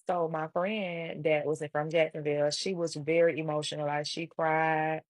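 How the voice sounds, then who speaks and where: A woman casually retelling a personal story in an animated way, acting out other people's lines. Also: deep voice, moderate pace, few pauses, no room sound. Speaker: storytime vlogger.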